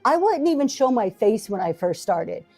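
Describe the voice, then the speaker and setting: A woman's voice: fairly high pitch, sing-song, moderate pace, a little mellow, soft background music. A middle-aged woman hosting a casual livestream from her basement, rambling and encouraging, with lots of fillers and restarts. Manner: rambling, self-deprecating, encouraging, many fillers. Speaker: livestream seller and talk show host. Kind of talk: casual livestream chat to viewers. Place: home basement. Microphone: camera in front of her.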